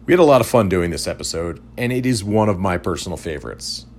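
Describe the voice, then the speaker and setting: A man hosting a casual review podcast, joking and reading notes quickly. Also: low-pitched, lively intonation. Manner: jokey, reads notes quickly. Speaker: podcast host.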